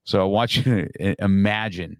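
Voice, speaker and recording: A middle-aged man on a podcast, telling a story in a lively, casual way and acting out his own lines from the past. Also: fairly low pitch, moderate pace, no room sound. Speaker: podcast guest.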